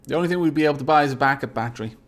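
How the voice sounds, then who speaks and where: A man's voice: medium pitch, rapid-fire. A man streaming a space game live, reading event text aloud theatrically and answering chat in polite, formal phrasing.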